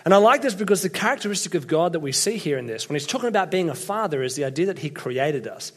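A young man with an Australian accent preaches in a relaxed, conversational way, mixing funny family stories with scripture. His voice sits a little higher than most men's, and he talks to the congregation like friends. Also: fast talker. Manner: chatty, self-deprecating storyteller. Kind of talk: casual sermon with personal stories. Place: church hall with congregation.

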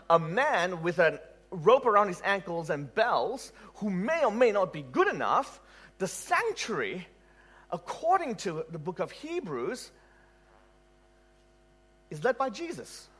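A man delivers an animated sermon, posing rhetorical questions and laughing at his own stories. His voice is high and husky, and he takes his time.

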